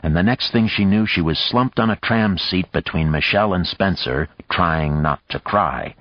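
A man narrating an audiobook in a measured, even storytelling manner. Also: low voice, dry recording, muffled recording. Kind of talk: scripted narration.

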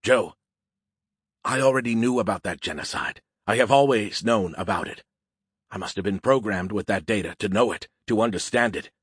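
A man's voice: fairly low pitch, normal speed, slightly rough, no room sound, clean studio sound. A man voicing a boastful, moody male AI in a beer can, speaking formally without contractions in an audiobook reading. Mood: troubled.

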